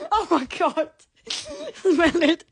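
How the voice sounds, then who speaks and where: A woman's voice: extremely high pitch, big pitch swings, extremely slow. A woman hosting a casual live stream on her phone, giggling and exclaiming constantly.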